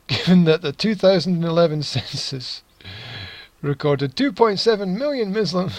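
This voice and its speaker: A man's voice: on the high side, no echo, rough recording. A man teaching English, reading a news text aloud and adding sarcastic, chuckling asides.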